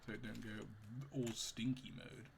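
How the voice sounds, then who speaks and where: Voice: mid-range voice, a little slow, gravelly, a little hiss or hum. A streamer chatting casually during a livestream, giggly and rambling. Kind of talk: casual gaming livestream chat.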